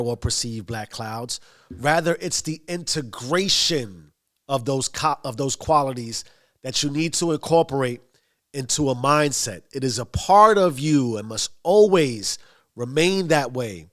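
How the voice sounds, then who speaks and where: A man's voice: medium pitch, fairly bright tone. A man giving a motivational monologue, emphatic and given to long lists. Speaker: motivational speaker.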